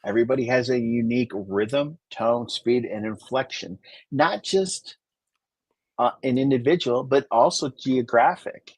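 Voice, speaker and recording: A man with a slightly husky voice chats about his craft, spinning long anecdotes. His voice is recorded close and dry, with no room sound. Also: medium pitch, measured pace, dry recording. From Great Lakes region of the US. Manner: chatty, storytelling, explanatory. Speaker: Santa performer and podcast co-host. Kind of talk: casual conversational chat.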